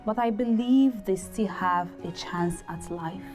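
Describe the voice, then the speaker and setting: An actress with a Nigerian accent playing a charity founder speaking earnestly in an interview. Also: female voice, medium pitch, music in the background, close to an everyday voice. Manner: earnest, measured.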